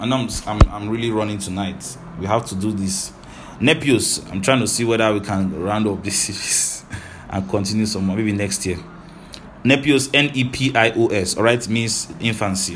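A man preaching a Bible teaching sermon, talking quickly and animatedly, often checking in with "right?" and "hallelujah". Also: medium pitch, a little hiss or hum.

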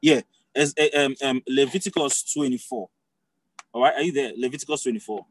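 A man's voice: mid-range voice, a little fast, breathy edge, low-quality recording. A man preaching a sermon in a conversational teaching style, often restarting phrases and checking that listeners follow.

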